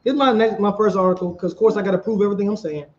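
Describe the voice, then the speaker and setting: A man, preaching outdoors and quizzing the crowd in an animated way. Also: high voice, racing, highs cut off. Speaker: street preacher. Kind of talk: street preaching debate.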